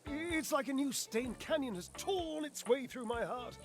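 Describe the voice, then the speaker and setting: A man's voice: very high voice, expressive, measured pace. An actor playing a verbose, theatrical man in a dating game, melodramatic and self-pitying, heard over game music. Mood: pleading.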